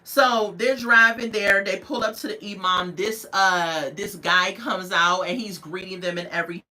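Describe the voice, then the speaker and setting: A woman's voice: medium pitch, fairly even intonation, normal speed, pushed and bright, poor audio. A woman recapping a reality TV episode in casual chat, telling it as a story and acting out the people she quotes with playful asides.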